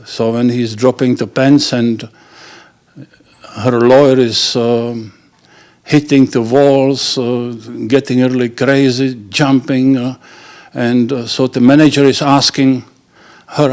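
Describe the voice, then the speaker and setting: Slow-talking man telling jokes. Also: mid-range voice, level tone, darkish tone. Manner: halting, with many fillers and restarts. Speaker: joke teller. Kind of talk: casual joke telling.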